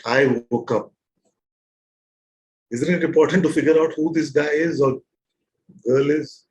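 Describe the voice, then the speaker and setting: A man leading a satsang as spiritual teacher, probing his listeners with repeated questions in a gentle, playful way. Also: a little high, a little slow, slight background noise, poor audio. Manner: gentle and playful, with soft laughs. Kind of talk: satsang teaching to a live group.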